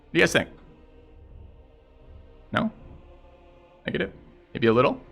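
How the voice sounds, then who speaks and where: A man's voice: fairly high pitch, very animated, moderate pace, vocal fry, a bit bright, husky, faint music behind. A man streaming and telling a story in casual chat with viewers, blunt and profane as he rants about a road dispute.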